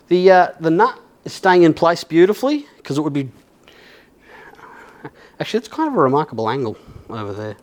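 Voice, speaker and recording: Restringing a guitar, a vlogger with an Australian accent chats casually and rambles, poking fun at himself and swearing now and then. His voice is a little high and sing-song, brisk, with long pauses.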